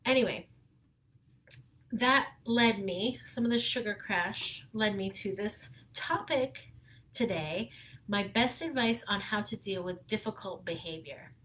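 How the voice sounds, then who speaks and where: A woman parent coach giving earnest, gentle advice in a live video talk, with many pauses. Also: a little high.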